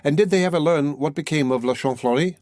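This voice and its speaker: A man voicing a gossipy, sharp-tongued townswoman in a classic novel. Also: on the high side, fast talker, dry recording, studio quality, natural voice. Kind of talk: scripted narration.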